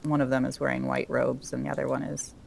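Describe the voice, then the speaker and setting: A woman describing her character's actions in a tabletop game, measured and calm. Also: very deep voice, gravelly, slight background noise. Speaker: player.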